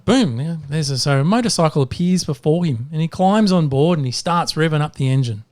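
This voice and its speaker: A podcast co-host telling dad jokes in a lively, fairly high voice. His delivery bounces up and down as he spins the story. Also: fairly quick. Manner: animated storytelling.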